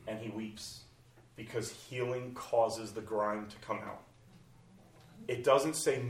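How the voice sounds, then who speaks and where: Guy preaching a sermon, animated then hushed, echoey room, mic kinda far off. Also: lowish voice, slow, creaky, pauses often, a little hiss or hum. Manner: animated, swings from loud exclamations to soft hushed tones. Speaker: pastor.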